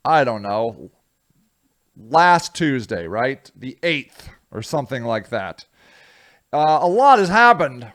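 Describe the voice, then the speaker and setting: An American man from the United States hosting a casual solo commentary vlog, rambling and self-deprecating, with a voice that swings widely in loudness. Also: fairly high pitch, smooth. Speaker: vlogger, show host.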